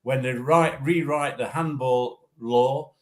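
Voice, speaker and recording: An older man, a former referee assessor, talking through refereeing in a measured way, often repeating and restarting his words. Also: mid-range voice. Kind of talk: casual discussion.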